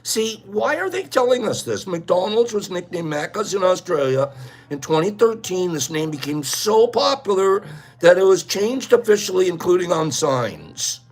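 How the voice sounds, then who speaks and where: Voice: mid-range voice, big pitch swings, moderate pace. A livestream host in casual chat, playful and teasing, calling out chatters by name.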